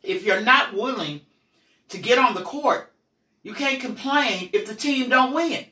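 A middle-aged woman telling personal stories in a blunt, profane, animated way as the host of a candid talk. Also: on the high side, a little slow. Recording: roomy echo, mic at a distance.

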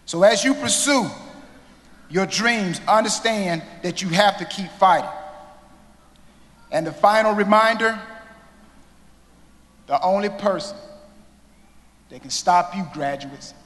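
Male commencement speaker, high voice, unhurried and dramatic, hall reverb. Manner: slow, dramatic delivery with long pauses and sudden drops to a hush. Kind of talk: inspirational commencement speech. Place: large indoor hall. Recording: long reverb of a large hall.

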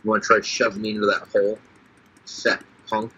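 A low-voiced man with a husky, tense edge, trading crude, sarcastic jabs during casual game chat. He swears freely and teases his partner. The sound is a dull, lo-fi mic recording. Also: completely flat delivery, a little fast, bright, forceful tone. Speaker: guest player.

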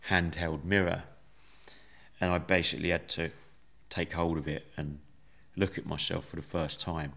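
A man, a podcast guest, telling his story in a measured, reflective way with many fillers. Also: deep voice, flat delivery, creaky, fairly bright tone. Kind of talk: conversational storytelling.

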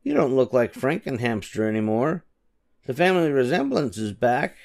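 An older man voicing a sensible, caring young female hamster sister in a storybook reading, calm and reassuring. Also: medium pitch, normal speed, vocal fry, pitched above the performer's own voice. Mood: gentle.

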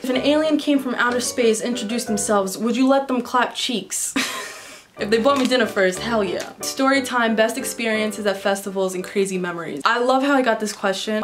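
A woman's voice: mid-range voice, steady tone, fairly quick. A woman vlogger from New York answering viewer questions in a candid, chatty way, telling stories with plenty of swearing. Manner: chatty, candid and profane storyteller. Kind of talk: casual Q&A vlog. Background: background music.

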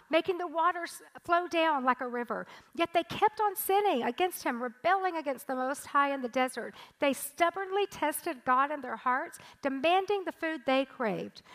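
A woman in her sixties delivers a church sermon with a high, bright voice. She reads scripture steadily, then preaches with animated, emphatic intensity. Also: rough recording. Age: 60s. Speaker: pastor. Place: church stage.

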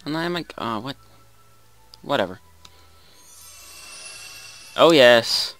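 Excitable young man narrating gameplay. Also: mid-range voice, slow pace, pauses often, soft background music. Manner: excitable, exclaims and groans often. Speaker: gaming host. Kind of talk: let's play commentary.

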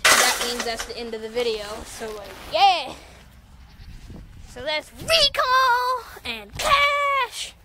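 A young woman vlogs outdoors on a farm in a high, bouncy voice that leaps up and down as she rambles, giggling and filling her talk with "like". The recording is noisy, with goats and sheep bleating behind her. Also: lively intonation, slow. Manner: rambling, giggly, lots of "like" fillers. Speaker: farm vlogger. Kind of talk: casual vlog.

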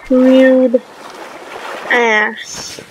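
A woman's voice: high-pitched, flat delivery, very slow, a little hiss or hum, low-quality recording. A woman giving casual let's play commentary, reacting to the game with swearing and exclamations on a desk mic. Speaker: gamer. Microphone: desk mic on a stand.

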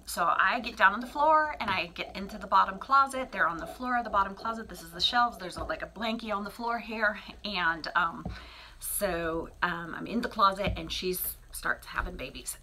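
A woman's voice: medium pitch, moderate pace, slight background noise. A middle-aged woman who breeds cats, talking casually in her small bathroom, chatty and rambling with lots of fillers. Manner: drops to a soft whisper near the kittens. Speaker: cat breeder. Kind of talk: casual vlog talk.

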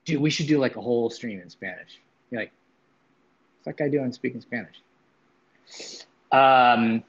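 A man's voice: medium pitch, normal speed, breathy edge, highs cut off. A man hosting a casual livestream, chatting loosely with viewers, swearing now and then and greeting chatters by name. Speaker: livestream host.

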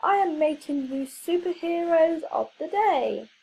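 A woman voicing a calm, kindly male school head in a children's story. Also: very high-pitched, creaky, a little hiss or hum, voice pushed up, exaggerated voice, poor audio. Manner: calm and measured.

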